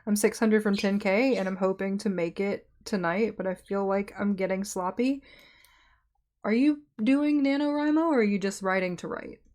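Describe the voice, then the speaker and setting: A young woman streamer hosting writing sprints, talking softly and chatting casually with her viewers. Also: mid-range voice, normal speed. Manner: soft-spoken, chatty, friendly with chat.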